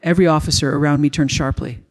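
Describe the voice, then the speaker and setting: A man reading a first-person dramatic story as a storyteller, in a steady, even way. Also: fairly high pitch, fast. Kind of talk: scripted first-person narration.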